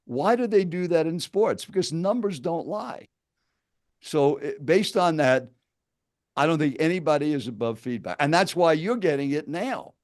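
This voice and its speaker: A man's voice: on the high side, a little mellow. Older man giving a seminar talk. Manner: storytelling, addresses listeners directly. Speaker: presenting speaker.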